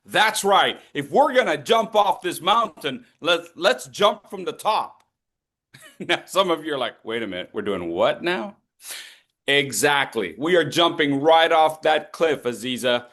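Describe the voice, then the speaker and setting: A man's voice: fairly high pitch, lively intonation, unhurried, fairly bright tone. A man coaching speakers in an online voice workshop, upbeat and leading repeat-after-me drills. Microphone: video call.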